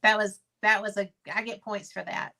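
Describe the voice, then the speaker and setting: A woman's voice: medium pitch, little pitch movement, normal speed, gravelly, pushed and bright. A woman hosting an interview show, chatting casually with her guest and reacting to his stories. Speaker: host.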